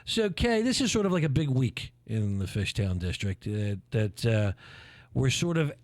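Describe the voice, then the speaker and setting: A man from Philadelphia hosts playful morning-show banter in a sing-song, medium-pitched voice with no echo. He cracks jokes and throws in theatrical, quick asides.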